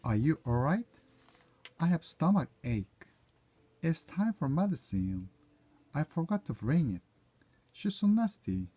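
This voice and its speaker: A man whose first language is Korean reads short English conversation lines aloud in turn, stopping now and then to correct himself. His voice is husky and mellow. He talks at an unhurried pace and his pitch moves in a lively way. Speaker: proofreader reading aloud. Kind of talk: reading practice phrases aloud.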